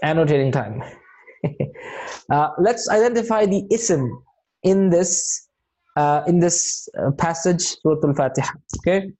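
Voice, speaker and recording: A man teaching an Arabic grammar lesson in a mellow, warm voice. He explains patiently, one step at a time, and checks in often to encourage his students. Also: a little high, lively intonation, a little slow. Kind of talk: online class teaching.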